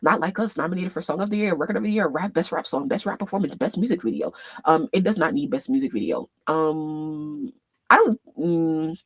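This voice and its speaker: A woman hosting a casual fan livestream, thinking aloud as she scrolls and reads posts, swearing freely and bursting into loud laughs. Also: low-pitched, expressive, fairly quick, breathy edge, no echo. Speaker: livestream host.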